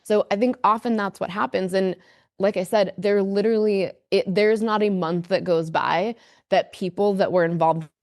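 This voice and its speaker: A woman's voice: medium pitch, fairly even intonation, moderate pace, a little mellow, dry recording, studio quality. A woman as a podcast guest, speaking candidly and emphatically, with a lot of fillers. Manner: earnest, emphatic storyteller, many fillers.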